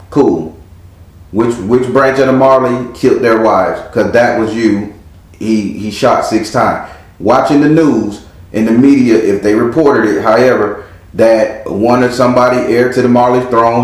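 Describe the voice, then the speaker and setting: A man giving a casual past-life tarot reading, blunt and profane, telling the story vividly with sound effects. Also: medium pitch. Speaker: tarot reader. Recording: very echoey room.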